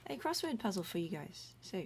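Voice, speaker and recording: A woman's voice: medium pitch, sing-song, a little fast. A middle-aged woman teaching Latin from home in a casual, chatty livestream, explaining words one by one and breaking off to comment as she goes. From Australia. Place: home room. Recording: faint room noise.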